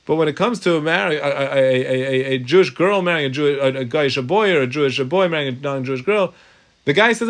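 Male rabbi giving an energetic law class, animated, acting out examples, slightly higher-pitched voice. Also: fast talker. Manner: lively, uses Hebrew and Aramaic terms, acts out voices for examples. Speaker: rabbi teaching Jewish law. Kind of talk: animated Torah class lecture.

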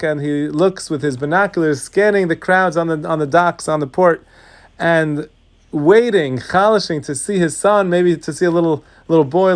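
Storytelling male rabbi, slightly high voice. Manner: storytelling, acts out voices, drops to hushed tones. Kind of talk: sermon with parable.

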